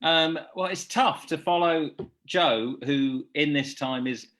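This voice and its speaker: A man's voice: on the high side, takes it slowly, a bit bright. A man chatting on a video call, easygoing and self-deprecating. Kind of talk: casual video-call chat.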